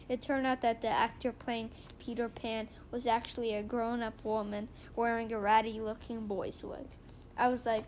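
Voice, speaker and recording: A woman reading a comic book aloud and retelling its story in a halting way, with many restarts. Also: a little high, level tone, darkish tone, a little hiss or hum. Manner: halting, with frequent restarts and fillers.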